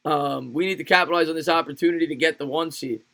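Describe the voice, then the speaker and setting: An energetic man calls a football game play by play for his livestream audience, stopping to answer viewer comments. His voice is bright and forward and sits a bit high, and he laughs easily between calls. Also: fast, creaky. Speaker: livestream sports play-by-play host. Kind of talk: play-by-play commentary mixed with live chat replies.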